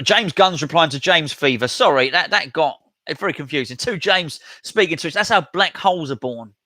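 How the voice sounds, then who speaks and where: A man's voice: on the high side, pushed and bright, no echo. A man hosting a casual live stream, chatting and reading out viewer comments as he replies. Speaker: host reading live chat.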